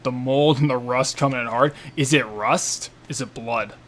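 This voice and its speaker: A man's voice: medium pitch, moderate pace, fairly bright tone, slight background noise. Chatty man doing game commentary. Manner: playful, self-mocking, chatty asides. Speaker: game critic doing a playthrough. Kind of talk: casual let's-play commentary.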